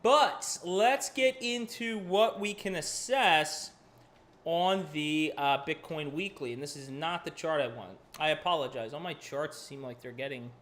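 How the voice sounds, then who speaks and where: A fairly high-voiced man hosting a live market stream. He talks in a loose, chatty way, swears casually and keeps apologizing while he jumps between charts. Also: unhurried, fairly bright tone. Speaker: crypto livestream host.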